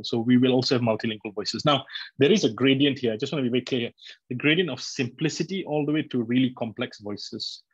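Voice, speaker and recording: A man with a husky, medium-pitched voice hosts a live online community address, presenting a product for his company. He rambles with many fillers and speaks straight to his listeners. The recording has no room sound and its highs are cut off.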